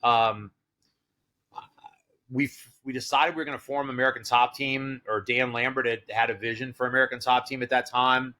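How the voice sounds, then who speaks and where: A man's voice: mid-range voice, fairly even intonation, moderate pace, bright, forceful tone. A middle-aged man telling a long story as a podcast guest, rambling with plenty of fillers and quoting what other people said. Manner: rambling, filler-heavy storytelling with quoted dialogue. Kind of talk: casual storytelling.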